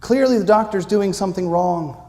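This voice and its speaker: A man's voice: sits high, a little fast. Man preaching a story in a reverberant sanctuary. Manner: animated personal anecdote with acted-out quotes. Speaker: pastor. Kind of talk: sermon storytelling. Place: church sanctuary. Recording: long reverb of a church sanctuary.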